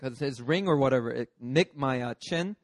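A man, a pastor, preaching a sermon through a lively personal story, acting out the scenes. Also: mid-range voice, normal speed, no echo. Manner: lively, acts out scenes with shifting voices.

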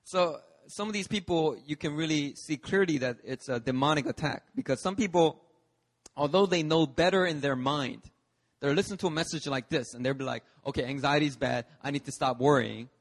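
A man's voice: on the high side, moderate pace. A man, a pastor, preaching a sermon in an emphatic, storytelling manner at a church service. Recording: long reverb of a church hall.

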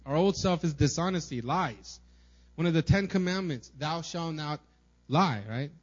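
A young man with a slightly raised pitch delivers a sermon to his church in a casual, conversational way, leaning on fillers and asking "right?" again and again. The recording is muffled and lo-fi. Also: moderate pace. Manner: casual, filler-heavy preaching with many "right?" and "like". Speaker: pastor.

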